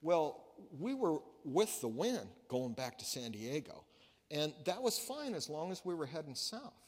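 A man's voice: a little high, sing-song, a little slow, a little mellow. A male pastor giving a sermon, telling a story in a conversational way with frequent restarts. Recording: long reverb of a large hall.

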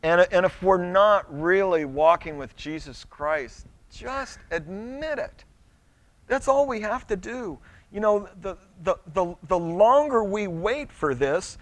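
This middle-aged pastor speaks with a high-sitting voice, captured in a dry recording. His sermon is conversational, full of stumbling restarts and little acted-out quotes.

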